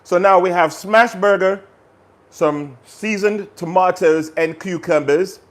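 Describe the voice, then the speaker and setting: A man's voice: high voice, unhurried, a bit bright. A man hosting a live cooking stream, chatting energetically and talking straight to his viewers. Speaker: cooking channel host.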